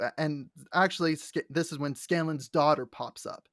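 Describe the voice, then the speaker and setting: A young adult woman co-hosting a casual podcast, excitedly retelling scenes with lots of likes, restarts and acted-out quotes. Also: deep voice, moderate pace, hardly any pauses, no room sound, studio quality. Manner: animated storyteller, acts out quotes with many likes and restarts. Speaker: podcast co-host. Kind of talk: casual fan chat.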